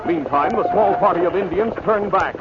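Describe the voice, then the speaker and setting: A man narrating a 1940s radio Western drama in a steady, dramatic storytelling delivery. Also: sits high, moderate pace. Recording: muffled old radio recording with loud hiss.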